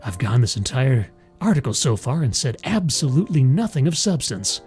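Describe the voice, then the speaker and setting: A man's voice: medium pitch, big pitch swings, normal speed, darkish tone, faint music behind. A man hosting a livestream, reading an article aloud and mocking it with sarcastic asides. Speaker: streamer host.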